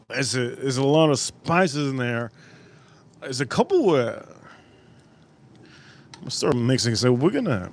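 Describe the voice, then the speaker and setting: A man hosting a live cooking stream outdoors at a grill, talking in a casual, profane way with sudden loud exclamations. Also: medium pitch, big pitch swings, a little slow, pauses often.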